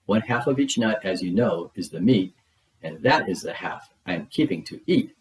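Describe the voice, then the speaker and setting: A sly little bug barks orders with snappy glee as a man puts him on while reading. He sounds commanding and pleased with himself, and his voice sits fairly low for a small storybook pest. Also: expressive, moderate pace, roomy sound, recorded from a distance, poor audio. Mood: gloating. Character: bossy tricky male bug, small and gleeful. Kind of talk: storybook read-aloud.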